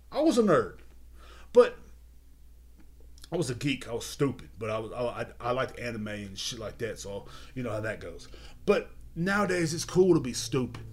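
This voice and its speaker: A young man hosting a podcast, ranting heatedly and repeating himself with constant swearing. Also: a little high. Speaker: podcast host. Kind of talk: profane rant. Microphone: video podcast mic.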